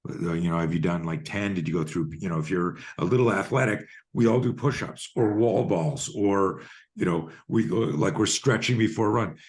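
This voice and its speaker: A man's voice: low voice, normal speed. A man in his fifties, a fear and self-defense coach, telling stories in a podcast interview and acting out both sides of the conversations. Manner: animated storyteller acting out dialogues.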